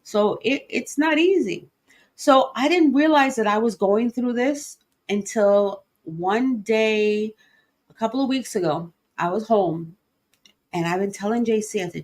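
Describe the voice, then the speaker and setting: A woman's voice: on the high side, unhurried, darkish tone. A middle-aged woman hosting a livestream podcast, talking openly and emotionally, with many fillers and restarts. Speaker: podcast host. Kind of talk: personal livestream talk.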